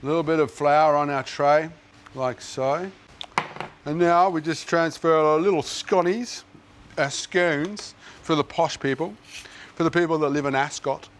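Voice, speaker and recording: Jokey Australian TV cook, slightly high voice. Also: male voice, moderate pace, a little hiss or hum. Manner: friendly, jokey, thinks aloud while working. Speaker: TV cooking show host. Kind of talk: chatty cooking demonstration. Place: kitchen set. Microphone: lapel mic.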